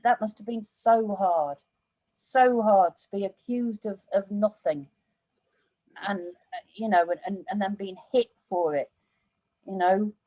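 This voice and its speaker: A woman's voice: mid-range voice, unhurried, mellow, dry recording, rough recording. A woman talking about a Bible passage in a casual discussion, earnest and reflective, with many "you know"s. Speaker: church discussion partner.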